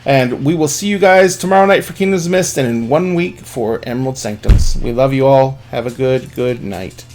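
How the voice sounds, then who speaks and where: A man's voice: mid-range voice, moderate pace, a little mellow, slight background noise. A man hosting a live stream, wrapping up with an upbeat, rambling sign-off full of fillers. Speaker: stream host.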